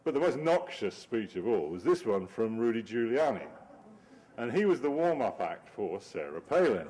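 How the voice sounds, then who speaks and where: A man in middle age talks his audience through slides in a loose, rambling way. His voice sits low, and he breaks into wry laughs at his own jokes. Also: lively intonation, moderate pace, darkish tone, slight background noise. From Britain. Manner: wry, digressive, laughs often. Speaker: cartoonist giving a talk. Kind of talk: informal talk over slides.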